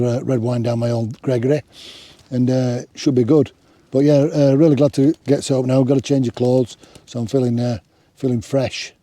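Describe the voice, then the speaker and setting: A man's voice: mid-range voice, warm tone, no echo. A middle-aged man, chatting casually and rambling through a hiking vlog from open moorland, speaking into a clip-on mic. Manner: rambling and chatty, many restarts and fillers. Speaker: hiking vlogger. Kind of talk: casual outdoor vlog chat. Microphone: clip-on microphone.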